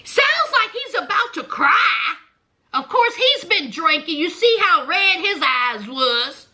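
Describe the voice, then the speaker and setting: A woman's voice: very high-pitched, very animated, slow pace, pushed and bright. A woman giving a casual, sassy recap of a reality show, chatty and laughing often as she tells it.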